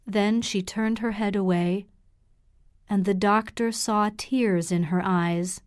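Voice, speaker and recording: A woman narrating an audiobook for language learners in a clear, measured reading. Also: mid-range voice, fairly even intonation, dry recording, studio quality.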